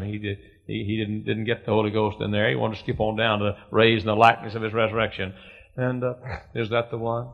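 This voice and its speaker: A man's voice: fairly low pitch, completely flat delivery, normal speed, creaky. Fervent preacher man, lo-fi tape. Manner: fervent preaching, swinging from soft to loud cries. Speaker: pastor. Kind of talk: sermon. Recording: dull lo-fi sermon recording.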